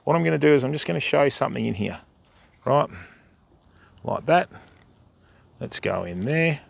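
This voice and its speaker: An older Australian man speaks in a medium-pitched, animated voice at a normal speed, with vocal fry and a slightly rough edge. He's hosting a fishing livestream at night, wading in a river, giving casual commentary and calling his viewers mate and bud.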